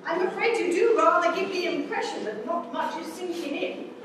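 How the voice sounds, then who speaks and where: A woman's voice: very high-pitched, moderate pace, very noisy. Woman playing a haughty upper-class lady. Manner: imperious and patronising. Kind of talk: amateur stage comedy. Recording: echoey hall, stage mic from far off.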